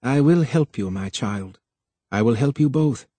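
A man reading aloud plays an older male senior official who is urgent and stern, clipped and low when he gives orders. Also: expressive, measured pace, warm tone, husky, no room sound.

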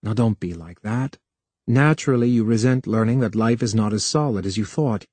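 Guy doing an intense secretive tech man, pleading, low and soft, dark husky voice. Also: moderate pace, no room sound, close to an everyday voice. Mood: coaxing. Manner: pleading, insistent. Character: earnest male technician, intense and secretive.

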